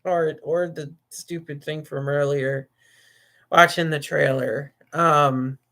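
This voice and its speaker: A man's voice: a little high, fairly even intonation, slow pace, pushed and bright. A man hosting a casual livestream, talking in a rambling, jokey way, often laughing and restarting. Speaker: livestream host.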